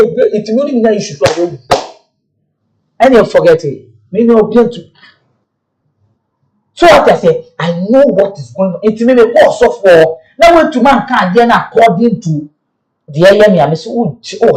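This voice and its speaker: A man's voice: sits high, lively intonation, moderate pace, long pauses, a little mellow, poor audio. A man giving casual, rambling commentary, switching between pidgin English and local languages.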